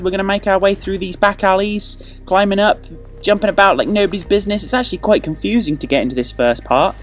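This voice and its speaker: A man hosting a video game walkthrough, joking and playful, with sudden excited outbursts. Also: sits high. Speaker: let's play host.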